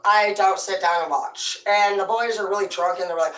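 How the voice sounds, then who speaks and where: A woman telling profane, rambling comedic stories about growing up on a farm, in a loose, animated way. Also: medium pitch, moderate pace, hardly any pauses, far from the mic. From rural farm upbringing. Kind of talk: casual comedic storytelling. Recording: roomy, away from the mic.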